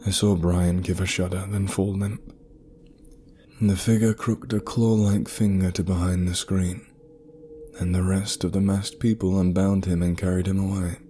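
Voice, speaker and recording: A man reading a scripted horror story in a grave, steady manner. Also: deep voice, moderate pace, faint music behind.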